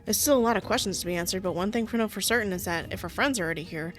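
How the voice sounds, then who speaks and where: A woman's voice: medium pitch, very fast, faint music behind. A woman with a sore throat, reading a visual novel aloud and breaking off into casual, self-mocking asides. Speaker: game streamer.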